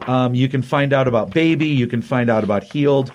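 Comic podcast co-host, a man, casual and animated. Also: medium pitch, a little fast. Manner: animated retelling with acted quotes. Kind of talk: casual comic review chat.

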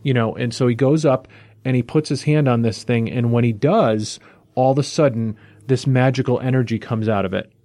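A man's voice: medium pitch, normal speed, mellow, no room sound. A man hosting a comic book podcast, recapping the plot in a rambling, casual way with fillers and restarts.

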